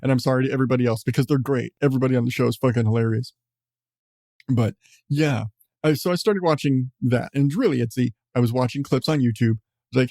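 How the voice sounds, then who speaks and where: A man's voice: mid-range voice, quick pace, gravelly, dark tone, no echo, studio quality. A man hosting a podcast, talking in a rambling, casual way with frequent swearing and chuckles. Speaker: podcast host. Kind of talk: casual chat.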